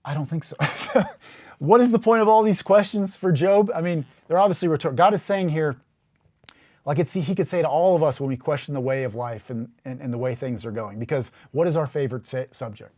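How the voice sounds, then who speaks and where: Animated man teaching Bible podcast. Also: medium pitch. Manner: chatty and animated, bursts of laughter and emphatic rises; slow, dramatic reading of scripture quotes.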